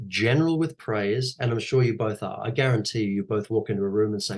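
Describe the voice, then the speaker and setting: A man, an actor and teacher, giving coaching advice in an animated, conversational way and repeating his key phrases. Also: fairly low pitch, fast. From Australia. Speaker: guest speaker, actor and teacher.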